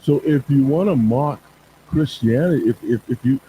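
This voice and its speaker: A man's voice: medium pitch, moderate pace, phone-quality sound, a little hiss or hum. A man from Bakersfield, California, talking as a guest on a talk show, emphatic and repeating words as he gets worked up. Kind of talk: casual talk-show conversation.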